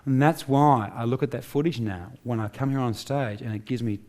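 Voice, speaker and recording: A man's voice: mid-range voice, brisk, darkish tone. A middle-aged Australian man giving a live motivational talk on stage, driving his points home with rhetorical questions and emphatic repetition. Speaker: motivational speaker. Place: on stage before a live audience.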